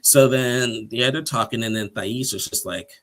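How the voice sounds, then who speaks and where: A man's voice: mid-range voice, moderate pace, fairly bright tone. A man giving a casual, rambling recap of a TV episode, chuckling often and acting out quotes.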